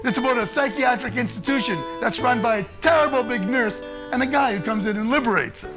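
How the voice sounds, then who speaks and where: An older man telling a true story on stage in an animated way, often laughing between lines. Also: very high-pitched, fast, music in the background. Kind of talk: theatrical solo storytelling.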